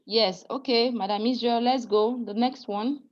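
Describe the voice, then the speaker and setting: A woman's voice: a little high, steady tone, a little slow, dull audio. A woman teaching French pronunciation in an online class, patient and apologetic, often laughing and calling students dear.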